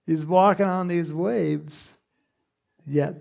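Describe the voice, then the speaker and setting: A man preaching a sermon in an animated, conversational way, with asides and laughs. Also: a little high, unhurried, creaky.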